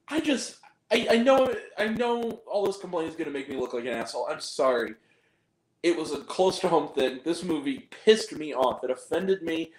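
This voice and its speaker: A man's voice: sits high, echoey room, poor audio. A man giving a casual spoken film review, ranting and swearing in exasperation. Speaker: movie reviewer.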